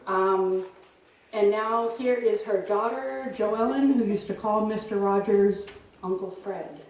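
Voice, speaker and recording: A woman leading a congregation, speaking gently and encouragingly between songs in a church sanctuary. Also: mid-range voice, takes it slowly, noisy background. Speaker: service leader. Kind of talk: leading a congregation, singing and announcing. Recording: echoey hall from far off, with piano.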